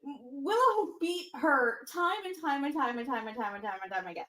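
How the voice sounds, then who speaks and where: A woman in casual chat, rambling and full of restarts. Her voice sits a bit higher than most women's. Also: expressive, normal speed, pushed and bright, echoey room, rough recording. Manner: chatty, rambling, with many restarts and fillers. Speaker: podcast co-host.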